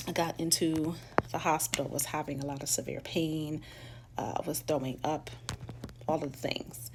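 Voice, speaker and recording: Vlogger, female, New York accent, low gravelly voice, frank and profane storytelling, faint room hum. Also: fairly even intonation, moderate pace. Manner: candid and profane, acts out quoted people in a high voice. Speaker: vlogger sharing her life story. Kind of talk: casual storytelling monologue.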